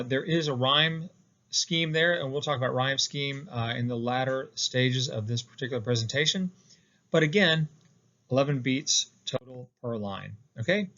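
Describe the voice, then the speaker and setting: A man's voice: mid-range voice, fairly bright tone, dull audio. A man teaching poetic meter in a recorded lecture, explaining step by step with many fillers and restarts. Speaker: poetry instructor.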